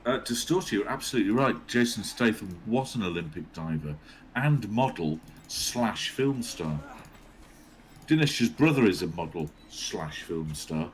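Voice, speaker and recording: Low-voiced guy doing sweary jokey stream commentary, faint hiss behind. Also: expressive, a little slow. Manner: chatty, sweary, joking. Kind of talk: casual livestream commentary.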